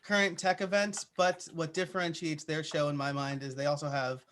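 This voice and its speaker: A man's voice: on the high side, little pitch movement, brisk, a bit bright, a little hiss or hum. A man answering interview questions in a casual, chatty way, with plenty of "uh" and "like" fillers. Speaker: podcaster guest.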